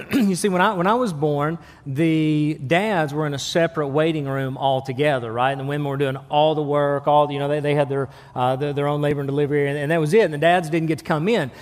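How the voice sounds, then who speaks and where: A male pastor preaching a casual, halting sermon with frequent restarts, asking the congregation for amens. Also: a little high, fairly even intonation. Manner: conversational, many restarts, calls for amens. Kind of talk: sermon with humor and prayer. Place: church sanctuary. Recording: long church hall reverb.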